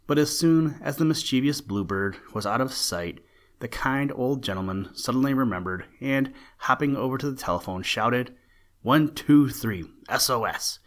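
A man narrating an old-fashioned children's storybook in a gentle storytelling manner. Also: mid-range voice.

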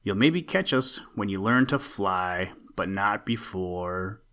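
A man voicing a cheeky, indignant little male sparrow in a storybook reading, shrill and mocking. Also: expressive, slow pace, sharp tone, exaggerated voice.

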